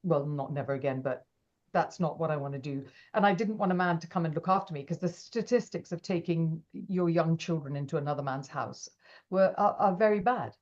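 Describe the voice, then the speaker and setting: A woman, an interview guest, telling her story with animated energy and acting out the lines of people in it. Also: sits low, a little fast. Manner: animated, acts out quoted dialogue. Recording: dull lo-fi audio.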